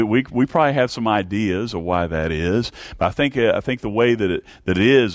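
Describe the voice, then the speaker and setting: Middle-aged guy preaching, lowish voice, lots of restarts and repeats, dry sound. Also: dry recording. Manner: halting, repeats words and restarts, asks the congregation questions. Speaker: pastor. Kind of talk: sermon.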